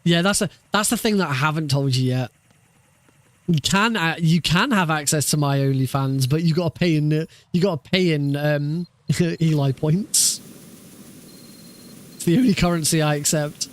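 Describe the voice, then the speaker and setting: A man's voice: fairly high pitch, moderate pace. Chuckling, cursing male streamer. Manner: laughs a lot, swears casually. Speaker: speedrunner streaming practice. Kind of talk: casual live-stream chat.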